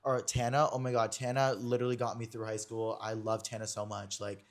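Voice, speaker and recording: A man's voice: on the low side, level tone, fairly quick. A young man hosting a podcast in casual chat, rambling and packing his speech with fillers and online slang. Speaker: podcast host.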